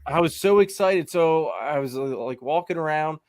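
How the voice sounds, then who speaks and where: A man's voice: fairly high pitch, lively intonation, normal speed, a little mellow, dry recording. A man in his thirties hosting a podcast, chatting casually, reading live comments and telling rambling stories with frequent laughs. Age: 30s. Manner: rambling storyteller, laughs often. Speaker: podcast host.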